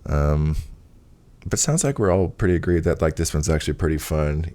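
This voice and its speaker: A man's voice: rumbling low, brisk, mellow. A man hosting a podcast in casual chat, rambling with frequent fillers and laughs. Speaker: podcast host.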